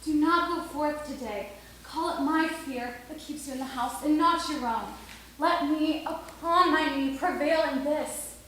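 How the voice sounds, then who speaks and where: A fearful Roman wife, urgent and pleading, played by a woman in a high voice. Heavy room echo hangs over the stage recording. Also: measured pace, a bit bright, a little hiss or hum. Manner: urgent, pleading verse delivery. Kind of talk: amateur stage Shakespeare. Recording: echoey room.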